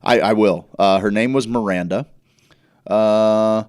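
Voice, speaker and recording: A lower-pitched man from Indiana hosts a loose livestream podcast, talking in a rambling way full of "uh"s and restarts, with the occasional curse dropped in. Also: fairly even intonation, measured pace, darkish tone, clean tone. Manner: rambling, filler-heavy, profane. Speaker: podcast host. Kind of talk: casual livestream chat.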